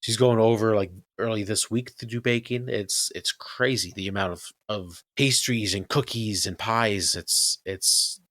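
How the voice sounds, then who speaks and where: A man's voice: fairly low pitch, steady tone, measured pace, hardly any pauses, a bit bright, dry recording, studio quality. A man from Canada co-hosting a podcast, chatting and joking in a rambling, easygoing way. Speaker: podcast co-host. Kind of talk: casual chat.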